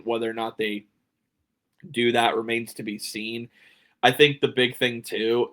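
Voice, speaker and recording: A man hosting his own sports podcast alone, giving his picks in a loose, opinionated way. His voice sits at an ordinary middle pitch, and he sounds a bit sleepy, trailing into ums and restarted phrases. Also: fairly bright tone. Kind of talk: solo sports preview talk.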